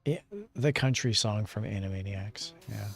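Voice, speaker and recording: A man streaming a game, chatting casually and answering his viewers in a rambling, low-key way. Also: normal speed, gravelly. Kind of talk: casual chat while gaming.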